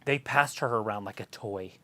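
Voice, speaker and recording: A woman co-hosting a casual live stream, chiming in with quick, opinionated asides and stumbling restarts. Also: extremely low pitch, pushed and bright, dry recording. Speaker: co-host.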